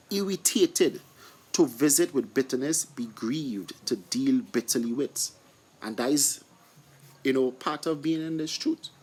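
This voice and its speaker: Teaching scripture in a relaxed setting, a man often asks his own questions and answers them. His mid-range voice carries a breathy edge, and his delivery is full of stumbles, restarts, fillers and repeated words.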